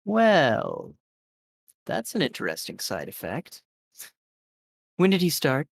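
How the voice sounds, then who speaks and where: A man's voice: mid-range voice, huge pitch swings, takes it slowly, vocal fry, breathy edge, dry recording, studio quality, exaggerated voice. A cold, clinical doctor speaks in a detached, matter-of-fact way, as a man acts him out. He sounds unbothered and businesslike, a figure from a tabletop horror game.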